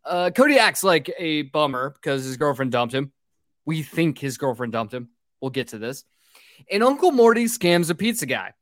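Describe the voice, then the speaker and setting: A man's voice: on the high side, very animated, moderate pace, fairly bright tone, no echo, studio quality. A man hosting a boozy movie podcast, recapping a film from his script with swearing and jokes. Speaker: podcast host.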